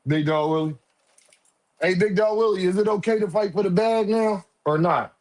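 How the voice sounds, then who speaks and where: A man hosting a casual live boxing stream, loose and profane, teasing viewers and shouting out donors. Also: high-pitched, moderate pace. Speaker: livestream host.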